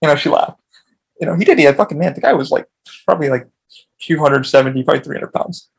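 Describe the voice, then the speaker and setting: A man's voice: fairly high pitch, fast, creaky, slightly rough. A man hosting his own podcast, telling a long story in a casual, rambling way with lots of swearing. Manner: profane, rambling, frequent restarts. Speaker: podcast host.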